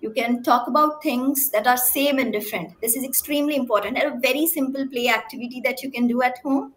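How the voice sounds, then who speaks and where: A woman's voice: sits high, fast, hardly any pauses. Woman speech therapist, emphatic teaching talk. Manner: clear, emphatic teaching with frequent "right?" check-ins; asks the audience questions. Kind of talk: talk to parents.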